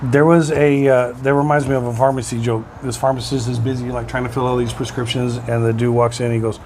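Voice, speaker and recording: A man's voice: medium pitch, little pitch movement, fairly quick, hardly any pauses, darkish tone, a little hiss or hum. A man in his forties co-hosting a podcast in casual chat, telling crude jokes and laughing at them. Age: 40s. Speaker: podcast co-host.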